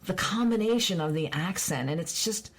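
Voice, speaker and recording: A woman's voice: fairly low pitch, expressive, normal speed, breathy edge. Chatty woman reminiscing in a casual conversation. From Baltimore, Maryland. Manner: chatty and reminiscing, with frequent restarts. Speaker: guest, music journalist.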